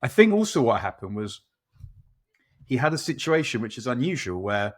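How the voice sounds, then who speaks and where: A man co-hosting a football podcast talks casually at a moderate pace, his medium-pitched voice very animated. His football chat is rambling and self-mocking, with frequent restarts.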